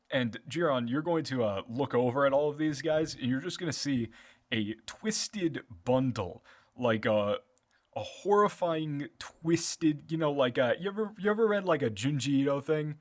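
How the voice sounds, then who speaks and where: A man's voice: on the high side, lively intonation, normal speed. A man narrating as game master in a loose, filler-heavy, profane way.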